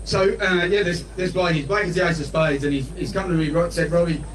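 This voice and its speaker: A man's voice: a little high, fairly even intonation, fairly quick, far from the mic, rough recording. An Australian man giving a blunt, folksy rally speech, telling stories in plain colloquial talk. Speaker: politician speaking at a rally. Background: crowd.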